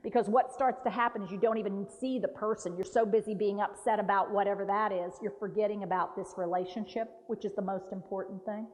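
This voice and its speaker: A woman's voice: mid-range voice, fairly even intonation, fast, few pauses, a little mellow. A woman leading a hands-on dementia care workshop, coaching a group directly and speaking sample phrases aloud for them to practice. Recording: long hall reverb.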